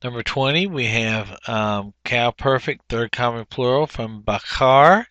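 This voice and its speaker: A man with a bright, clear voice walks through workbook exercises one by one, pausing on fillers and correcting himself as he goes. He is recorded close up on a dry mic with no room sound. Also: mid-range voice, dry recording, dull audio. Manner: unhurried, explanatory, frequent fillers and self-corrections. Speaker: teacher. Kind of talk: workbook walkthrough lesson.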